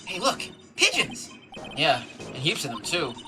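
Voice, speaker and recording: Woman doing a chirpy excitable girl sidekick. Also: sits low, measured pace, over music. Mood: excited.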